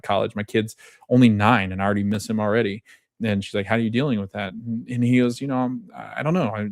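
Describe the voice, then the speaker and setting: A man's voice: fairly low pitch, no echo, clean studio sound. A man in his thirties hosting a podcast, recapping a TV episode in a chatty way, quoting scenes and laughing often. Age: 30s. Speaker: podcast host.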